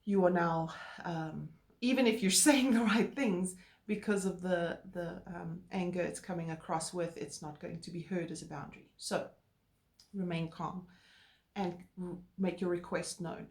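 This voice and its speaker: A woman co-hosting a relationship talk, explaining calmly and earnestly with filler words. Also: lowish voice, a little slow. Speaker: co-host. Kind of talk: casual chat. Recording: roomy echo.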